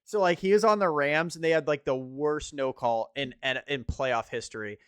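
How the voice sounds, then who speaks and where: A young man co-hosting a laid-back sports podcast, speaking a little higher than most men. He rants with lots of swearing, sometimes rising almost to a shout. The recording is dry and close, with no room sound. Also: moderate pace, clean tone, no echo. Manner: animated, swearing, rising to near shouts when worked up. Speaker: podcast co-host. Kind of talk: casual sports chat.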